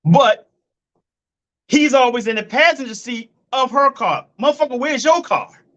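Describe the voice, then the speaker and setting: A man delivers preachy relationship commentary in a blunt, profane way, hammering each point home with repetition. His voice sits high for a man. The recording is dull and lo-fi. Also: lively intonation, normal speed, fairly bright tone. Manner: addresses listeners as folks and family.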